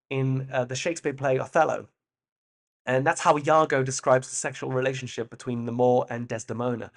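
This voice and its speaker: A man hosting a solo podcast, musing in a playful way with loose asides and the occasional swear word. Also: fairly high pitch. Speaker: podcast host. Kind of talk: reflective solo monologue.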